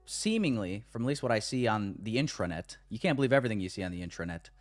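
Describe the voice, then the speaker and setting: A man's voice: on the low side, sing-song, fast talker, faint music behind. An American man hosting a trading livestream, chatting casually and reading comments from the chat. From United States.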